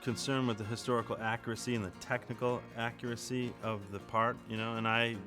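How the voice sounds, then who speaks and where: A man, an actor, talking in a deadpan mock interview with earnest, straight-faced boasting. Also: medium pitch, brisk. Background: music.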